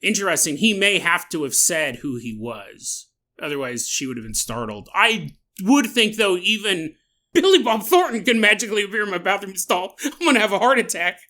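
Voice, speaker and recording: A sick man with a sore, dry throat hosts a solo podcast and muses aloud with jokes and laughing asides. His voice is high and bright, and it swings widely in pitch. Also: moderate pace. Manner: animated, joking, musing aloud, laughing asides. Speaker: podcast host.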